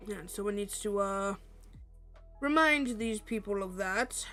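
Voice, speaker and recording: A co-host in a casual stream chat, playful and quick with short replies. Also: mid-range voice, pushed and bright, faint music behind.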